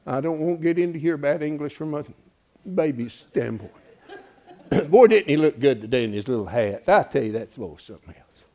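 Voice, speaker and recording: Folksy preacher, gravelly and lively. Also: male voice, fairly high pitch, moderate pace. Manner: folksy, animated preaching with church exclamations. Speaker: pastor. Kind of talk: sermon.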